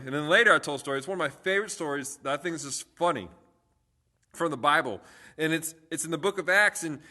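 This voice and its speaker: A man's voice: fairly high pitch, bright, forceful tone. A young man, a youth pastor, chatting casually on a livestream and telling stories with lots of fillers and restarts.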